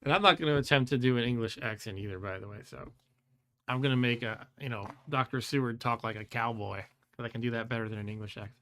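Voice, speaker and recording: A man in his forties hosts a live stream, reading a gamebook aloud in his natural voice with casual chat mixed in. His mid-range voice moves fast, relaxed and chatty, with frequent chuckles and stumbles over foreign words.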